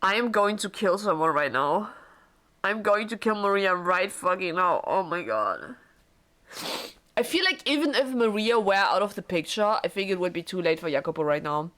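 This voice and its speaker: A woman's voice: medium pitch, expressive, normal speed, fairly bright tone. A woman streaming a blind visual novel playthrough, emotional and tearful, swearing often as she talks to her viewers.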